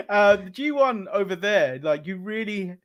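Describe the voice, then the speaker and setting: A man's voice: sits high, lively intonation, unhurried, a bit bright, muffled recording. An English man co-hosting a wrestling podcast, chatting casually, laughing often and restarting his sentences. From England. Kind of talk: casual chat.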